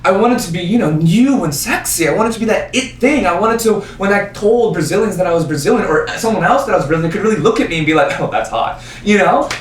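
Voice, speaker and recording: A man's voice: high-pitched, fast, hardly any pauses, slight background noise. A young man performing a self-mocking solo stage monologue in a small performance space. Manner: self-mocking, animated storytelling. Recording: roomy stage sound from a distance, faint ambience.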